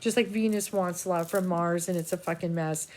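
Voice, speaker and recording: A woman with a Boston accent giving an emotional, rambling spiritual talk, halting often and swearing freely. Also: fairly low pitch, fairly even intonation, a little mellow. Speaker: spiritual reader.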